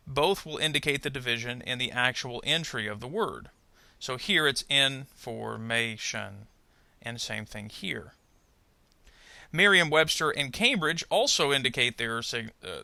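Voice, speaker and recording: Guy teaching english pronunciation, gravelly but bright voice, calm step by step explaining. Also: mid-range voice, no echo. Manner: measured, explanatory, careful. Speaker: adult ESL pronunciation teacher. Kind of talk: instructional narration.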